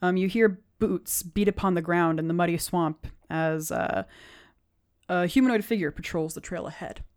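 A woman narrating a tabletop game as game master, pausing often with ums. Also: on the low side, darkish tone. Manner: halting, with many ums.

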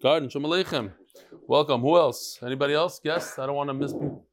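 Energetic man greeting a live class. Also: on the high side, fast talker, slight background noise. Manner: energetic, chatty, calls out to guests in the room; reads emails aloud in a playful tone. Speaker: Talmud teacher. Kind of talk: lively greetings before a daily Talmud class.

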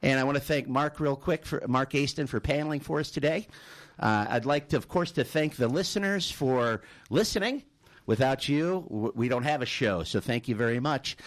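A talk show host with a medium-pitched voice and moderate pace thanks his guest, then tells an anecdote in a loose, conversational manner, often repeating words.

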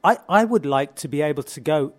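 A man leads a relaxed group conversation in a slightly raised voice, playful and quick to joke. He slips into bits of song and teasing asides as he talks. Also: a little high. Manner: playful, jokey, breaks into snatches of song. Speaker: host. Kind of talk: casual chat.

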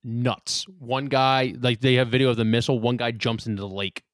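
A man co-hosting a podcast, cracking crude quick jokes. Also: medium pitch, little pitch movement, dry recording, studio quality. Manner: crude joking, quick quips. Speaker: podcast co-host. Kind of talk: casual podcast banter.

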